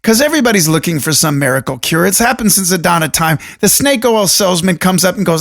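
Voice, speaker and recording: A man hosting a solo podcast, talking alone into a studio microphone in a deliberate radio voice with jokey, rambling asides. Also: sits high, lively intonation, vocal fry, fairly bright tone. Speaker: podcast host. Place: room alone.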